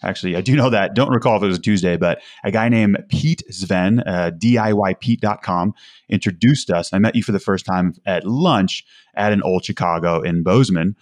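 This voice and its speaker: Earnest man, low voice, dry sound. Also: moderate pace, no echo. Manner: earnest, emphatic, with many restarts. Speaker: podcast guest, recovery community founder. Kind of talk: conversational interview.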